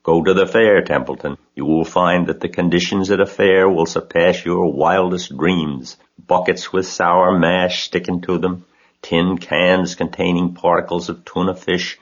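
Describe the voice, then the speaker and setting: A man's voice: sits low, steady tone. A man voicing a sly old sheep who lingers over her words. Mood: tempting. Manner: savoring, listing slowly. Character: old sly female sheep, tempting talker. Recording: dull lo-fi recording.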